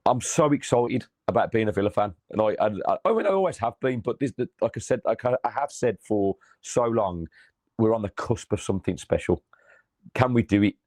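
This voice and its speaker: A man co-hosting a football fan show, chatty and excitable, his voice going hoarse. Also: fairly low pitch, a little fast, dry recording, studio quality. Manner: excitable, chatty, calls listener mate. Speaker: co-host of a football fan channel. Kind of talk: casual chat.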